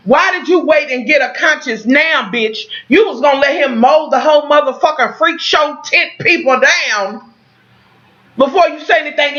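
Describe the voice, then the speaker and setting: A woman vlogger recapping a TV episode for her viewers in a casual, animated, heavily profane way, talking straight to the camera. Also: high-pitched, dull audio.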